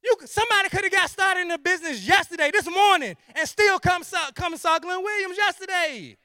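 A man giving an energetic, preachy motivational sales presentation, full of rhetorical questions and repetition. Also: very high-pitched, brisk, few pauses, no echo, studio quality. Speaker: sales team leader.

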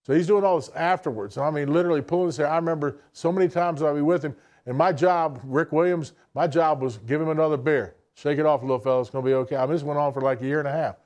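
A man's voice: on the high side, quick pace, few pauses, darkish tone. A man, giving a blunt, folksy motivational talk to an audience. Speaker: business speaker addressing an audience. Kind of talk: motivational speech.

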